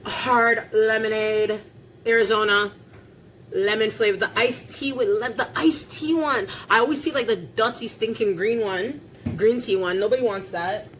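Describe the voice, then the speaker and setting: A woman's voice: on the high side, moderate pace, fairly bright tone, a little hiss or hum. A young woman vlogging at home while cooking, chatty and laughing, swearing casually. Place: home kitchen.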